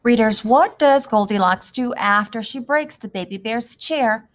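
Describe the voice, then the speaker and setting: A woman teacher leading a reading lesson, gently asking young readers questions about a story. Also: fairly high pitch, a little slow, soft background music.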